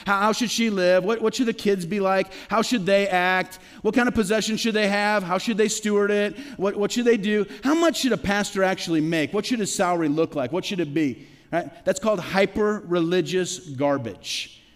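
A middle-aged man preaching a sermon as pastor, talking conversationally with rhetorical questions and quick stammered restarts. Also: high voice. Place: church sanctuary. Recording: long reverb of a large hall.

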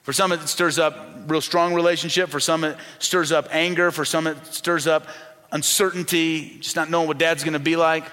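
A pastor preaches to his congregation in a bright, forceful voice that sits a touch high for a man. He keeps it conversational, putting questions to the people and going soft when he quotes the people in his stories. The sound rings with the long reverb of a big church hall. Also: level tone, normal speed. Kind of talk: sermon.

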